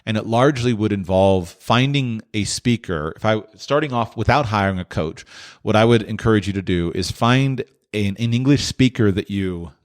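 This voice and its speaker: A man's voice: fairly low pitch, moderate pace. A man hosting a podcast, answering listener questions in a thoughtful, explanatory way with frequent restarts. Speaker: podcast host.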